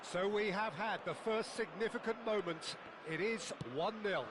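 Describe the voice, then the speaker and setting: A man doing play-by-play football commentary, flowery and dramatic, erupting with excitement at big moments. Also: high voice, normal speed. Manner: flowery, dramatic, bursts into loud excitement at goals. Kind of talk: sports commentary from a video game. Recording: loud background noise.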